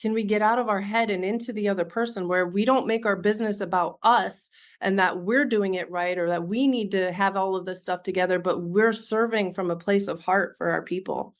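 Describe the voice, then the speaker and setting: A woman's voice: mid-range voice, fairly even intonation, fairly quick, few pauses. A woman in her thirties giving a heartfelt, earnest business coaching talk, speaking straight to her listeners.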